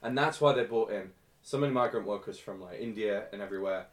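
A man co-hosting a casual podcast, animated and loud, swearing freely into his podcast mic. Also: lowish voice, fast talker. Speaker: podcast co-host. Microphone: podcast microphone.

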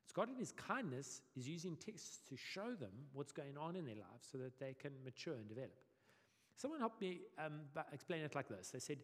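A male pastor preaching a sermon in a lively, conversational way with humorous asides, in a long hall reverb. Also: on the high side, a little fast.

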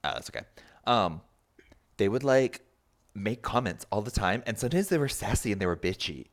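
Deep-voiced man rambling through a story. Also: normal speed. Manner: rambling, animated, filler-heavy with many likes and you-knows. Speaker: podcast guest. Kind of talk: casual conversational storytelling.

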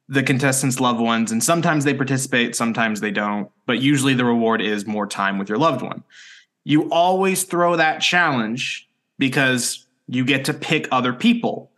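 A man's voice: mid-range voice, normal speed. Joking young man on a podcast. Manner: joking, deadpan jabs, laughs often. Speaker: podcast co-host. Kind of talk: casual chat.

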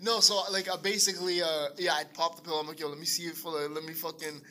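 Fast, bright-voiced young man telling a story. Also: fairly high pitch, a little hiss or hum. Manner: animated, swearing, laughing through his story. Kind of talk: casual storytelling chat.

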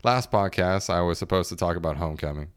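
A man in his late twenties talks through a casual solo podcast with a low, deep voice that stays smooth and resonant. He rambles from one joke to the next, swears freely and laughs often between thoughts. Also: quick pace. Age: late 20s. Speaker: podcast host.

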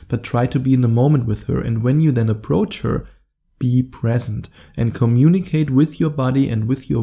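A man's voice: mid-range voice, gravelly, mellow. A man with a German accent hosting his own podcast as a dating coach, talking straight to the listener in a direct, coaching way. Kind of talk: solo podcast monologue.

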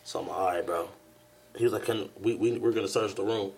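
A young man with a low, gravelly voice tells a story in loose, casual podcast chat. He acts out the people in it, jumping into louder, higher bursts. A faint hiss of noise sits behind him. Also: steady tone, quick pace. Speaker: podcast co-host.

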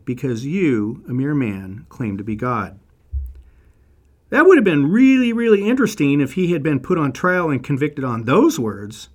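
Animated man lecturing with wry asides. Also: mid-range voice. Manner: animated, wry asides, reads scripture quotes aloud. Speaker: lecturer on biblical history. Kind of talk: scripted lecture narration.

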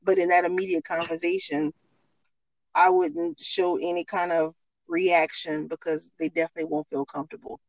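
A woman's voice: fairly low pitch, big pitch swings, normal speed, creaky, dry recording, poor audio. Woman podcast host, dry close sound. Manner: earnest, advising parents with repeated "you know". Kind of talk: casual podcast chat.

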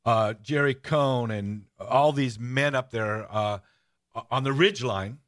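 A man hosting a radio-style podcast, telling stories in a casual, animated way. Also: medium pitch, slow pace. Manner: storytelling, animated, shouts out rallying cries. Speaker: podcast host. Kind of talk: casual radio-show chat.

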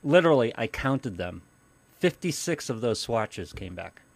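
A man's voice: medium pitch, sing-song, a little slow, gravelly, dry recording. A man co-hosts a casual podcast and produces it. He tells stories in an easygoing way, with a dry sense of humor. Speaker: producer and co-host. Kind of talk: casual chat.

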